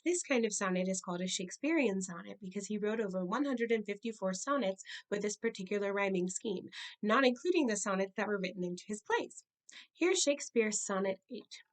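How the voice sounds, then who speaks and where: A woman hosting an educational show, narrating a lesson on sonnets in a clear, measured way and reading poems aloud. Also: medium pitch, low-quality recording. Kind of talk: scripted narration and poetry reading.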